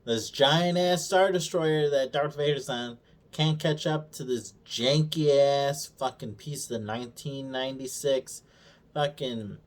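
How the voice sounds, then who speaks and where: In a steady, mid-range voice at a measured pace, a male video reviewer delivers a casual rant packed with profanity. Mocking and exasperated, he recounts scenes in his own words, performing the characters' lines himself.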